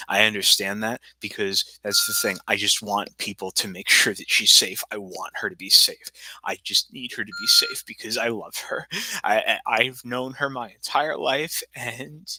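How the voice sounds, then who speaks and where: An American man with a lowish, bright voice and forceful tone rambles agitatedly to a livestream audience, repeating himself and sometimes sinking nearly to a whisper. The talk mixes monologue with a phone call, and the rough recording carries a little hiss or hum.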